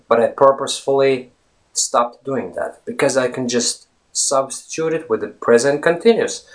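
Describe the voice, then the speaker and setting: A man giving a casual English lesson, talking straight to viewers as friends and rephrasing his points as he goes. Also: mid-range voice. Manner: chatty, repeats and rephrases points. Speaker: English teacher. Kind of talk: casual teaching monologue.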